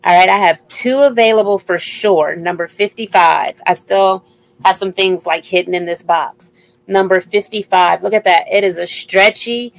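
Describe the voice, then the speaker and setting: A woman with a creaky, medium-pitched voice speaks at normal speed while hosting a live jewelry sale, heard through a rough recording. She chats casually and repeats item numbers as she shows each piece.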